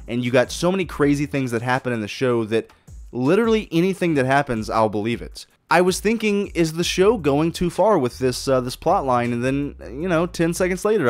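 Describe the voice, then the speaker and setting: Profane, excited man ranting solo. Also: medium pitch, dry recording. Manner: enthusiastic, profane, rambling with restarts. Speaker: podcast host. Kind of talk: casual solo commentary.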